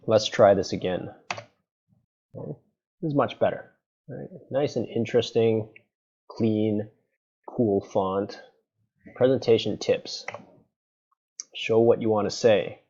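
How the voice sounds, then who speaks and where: A man's voice: fairly low pitch, takes it slowly, pauses often, dark tone. A man lecturing on presentation design in a conversational, playfully sarcastic way, checking in with "right?" and "okay?" again and again. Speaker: university lecturer. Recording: dull lo-fi lecture recording.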